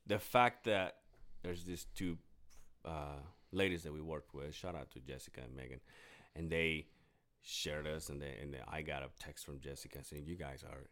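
A man's voice: very deep voice, normal speed, fairly bright tone. A young man co-hosting a podcast, chatting casually in long rambling stories, swearing often and acting out his friends' lines. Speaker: podcast co-host. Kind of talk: casual chat.

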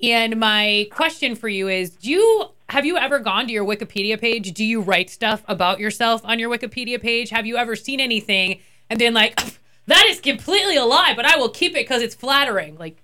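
A woman's voice: fairly high pitch, expressive, brisk, pushed and bright. A woman co-hosting a radio interview, asking questions in a playful, chatty way. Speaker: radio co-host.

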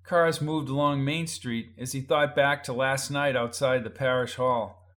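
A man's voice: medium pitch, fairly even intonation, unhurried, fairly bright tone. A man reading a crime novel aloud as narrator, shifting his delivery for each character's lines. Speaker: audiobook narrator. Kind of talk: scripted narration with character voices.

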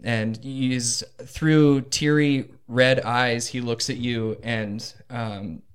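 Guy gm narrating slow, lots of ums, mid voice. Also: mid-range voice, steady tone, clean tone. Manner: slow and hesitant, full of ums. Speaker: game master. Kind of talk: narrating a tabletop game.

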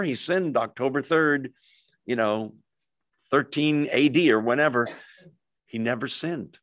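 A man preaching a sermon in a conversational way, joking and speaking straight to his congregation, swinging between emphatic and hushed lines. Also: mid-range voice, no room sound, studio quality. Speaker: pastor.

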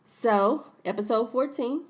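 A woman's voice: a little high, measured pace. Young woman, playful teasing podcast co-host. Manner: playful teasing, laughs often. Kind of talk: casual chat.

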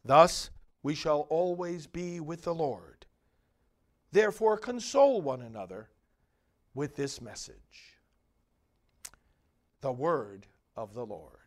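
A male priest giving liturgical readings and a homily in a measured, solemn way with long pauses. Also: a little high, very animated.

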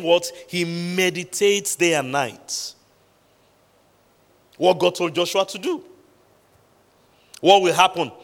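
A man's voice: high-pitched, a bit bright. Preaching man in a reverberant hall. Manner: preaching with emphatic pauses and repeated questions to the congregation. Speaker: pastor. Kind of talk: sermon. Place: large church hall.

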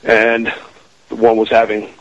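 A man's voice: on the low side, completely flat delivery, unhurried, dull audio. A man telling a family ghost story as a radio interview guest, rambling with many restarts and fillers.

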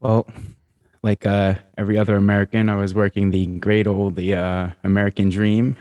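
Male podcast guest, very deep and mellow, halting with fillers, dry close mic. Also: level tone, dry recording, highs cut off. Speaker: podcast guest, breathwork facilitator. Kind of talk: casual interview talk.

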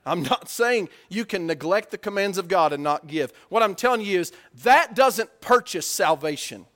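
A man preaching a sermon in a conversational way, asking the congregation questions and swinging between loud emphatic bursts and low, quiet stretches.

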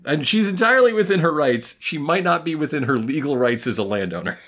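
A man co-hosting a TV recap podcast, trading wry jokes and quick quips in casual chat. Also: fairly high pitch, animated, fairly bright tone. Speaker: podcast co-host.

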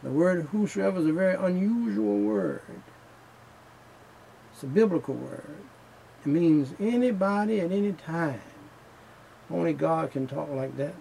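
A man preaching a sermon in a slow, emphatic style, returning again and again to the same refrains. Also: on the high side, expressive, creaky, warm tone, husky, rough recording.

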